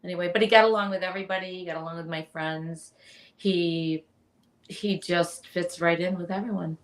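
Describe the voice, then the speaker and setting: A woman's voice: on the low side, steady tone, moderate pace. A woman guest in easygoing, giggly casual banter with the host. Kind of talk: casual chat.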